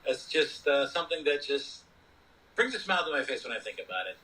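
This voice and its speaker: A man's voice: medium pitch, very animated, brisk, pushed and bright, far from the mic, low-quality recording. A man co-hosting a podcast, chatting casually about movies, rambling and dropping "you know" often. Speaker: podcast co-host. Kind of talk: casual movie review chat.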